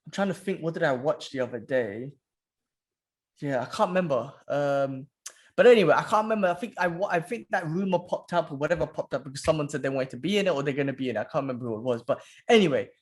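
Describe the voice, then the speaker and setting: A man's voice: on the high side, fast. A man, co-hosting a casual podcast chat, laid back and saying "bro" a lot. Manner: laid-back, says "bro" often, enthusiastic about films. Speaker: podcast co-host.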